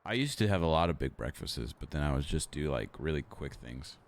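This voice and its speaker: Low-voiced man chatting on stream. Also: expressive, brisk, few pauses. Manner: rambling, many fillers and restarts. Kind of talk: casual chat to stream. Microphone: XLR mic.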